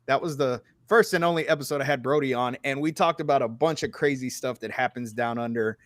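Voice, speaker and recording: A man in his thirties hosts a podcast, chatting casually and telling animated stories. He swears freely and leans heavily on filler words, especially "like." His voice is medium-pitched and brisk, recorded at studio quality with no room sound.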